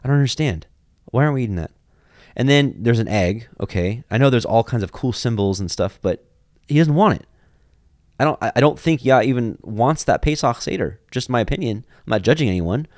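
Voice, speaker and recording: A man's voice: mid-range voice, animated, brisk, a little mellow, dry recording, clean studio sound. A man giving an informal, conversational Bible teaching, drifting off on side tangents and reading passages aloud. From grew up in a Jewish family. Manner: conversational, digressive, reads scripture aloud.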